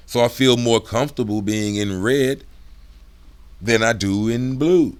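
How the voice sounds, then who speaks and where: A middle-aged man hosting his own video, talking casually in slang and acting out the voices he uses, dropping his voice low when he gets serious. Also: unhurried, clean tone. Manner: laid-back slangy, acts out voices, drops low for serious. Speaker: video host. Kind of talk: casual talk to camera.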